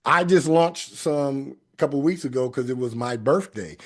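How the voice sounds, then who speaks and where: A man's voice: mid-range voice, lively intonation, unhurried, gravelly, few pauses. A man hosting a spiritual talk show, speaking emphatically and repeating phrases like affirmations. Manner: repetitive, emphatic, sing-song affirmations. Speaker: host. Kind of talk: spiritual talk show, casual group chat.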